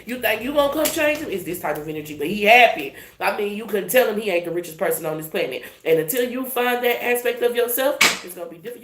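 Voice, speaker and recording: A woman giving a casual, profane and emphatic tarot reading with laughing asides. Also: lowish voice. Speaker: tarot reader. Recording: echoey room, faint noise.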